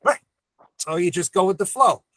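A man's voice: high voice, normal speed, no room sound. A veteran optician in his seventies, a man telling stories with emphatic energy as a podcast guest. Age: 70s. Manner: animated storyteller, emphatic. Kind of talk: casual podcast conversation.

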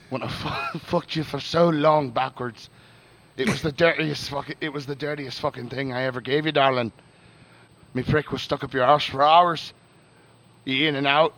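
A man reading as a lusty letter-writer, lively. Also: high voice, creaky, a little hiss or hum, full character voice. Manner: theatrical, breaks into laughter. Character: lusty man reading his own filthy love letter. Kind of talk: dramatic reading.

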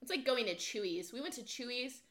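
A young woman in her twenties co-hosts a casual podcast chat, her voice bright and forceful. She rambles through stories with plenty of "like" fillers and acts out the quotes herself. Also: on the high side, animated, a little fast. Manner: chatty storyteller, many "like" fillers, acts out quotes. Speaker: podcast co-host.

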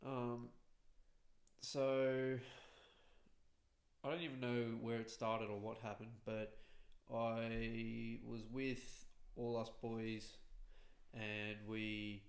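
A man's voice: mid-range voice, little pitch movement, extremely slow, pauses often. A man in casual conversation, talking in a hesitant, laid-back way. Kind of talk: casual chat. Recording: roomy, echoey sound.

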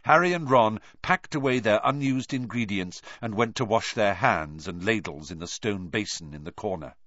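Low voiced guy reading an audiobook, lively, muffled dry sound. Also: normal speed, dry recording. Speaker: audiobook narrator.

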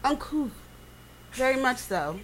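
Animated woman telling stories. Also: sits high, takes it slowly, slight background noise. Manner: animated storytelling, swearing freely. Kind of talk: casual chat.

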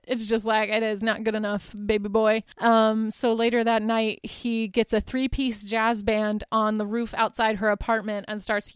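A woman's voice: a little high, clear, resonant tone, no echo, studio quality. A woman hosting a podcast, casually recapping a film in a chatty way, with frequent ums and likes and light laughter. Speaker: podcast host.

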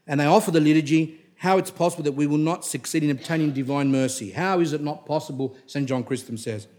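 A man's voice: fairly high pitch, fast talker, a little mellow. Middle-aged man, rambling emphatic church talk. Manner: digressive, anecdotal, with frequent restarts; blunt and emphatic when scolding. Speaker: religious teacher giving a talk. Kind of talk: rambling spoken religious talk.

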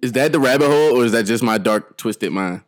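A man's voice: mid-range voice, expressive, fast. A man hosting a podcast in casual chat, joking around, rambling and laughing often. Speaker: podcast host.

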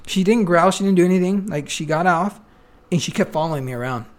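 A young man hosting a podcast, telling a rambling story in a casual, animated way, full of "like" and "dude". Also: sits high, fast talker. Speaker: podcast host.

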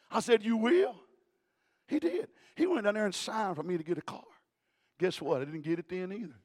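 A man preaching a sermon, moving between quiet storytelling and shouted exhortation. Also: high voice, normal speed. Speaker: pastor.

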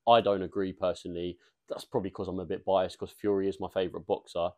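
A young man, co-hosting a casual podcast, blunt and quick to laugh. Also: sits low, level tone, darkish tone. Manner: blunt, laughs often, reads out listener questions. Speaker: podcast co-host. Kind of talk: casual chat.

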